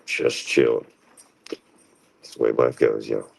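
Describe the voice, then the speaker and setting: A man's voice: little pitch movement, slow, darkish tone. A man talking in a rambling, profane monologue on his own stream, restless and jumping between thoughts. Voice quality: gravelly, very deep.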